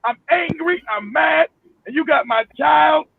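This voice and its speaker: A man telling his story in a heated talk-show discussion, animated, emphatic and swearing freely. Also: extremely high pitch, a little slow, gravelly, dry recording. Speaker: panel guest. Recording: tinny phone line.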